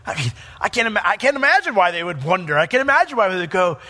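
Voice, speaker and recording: A male pastor preaching a verse-by-verse sermon in an emphatic, animated way. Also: sits high, very fast. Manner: emphatic, animated, acts out quotes.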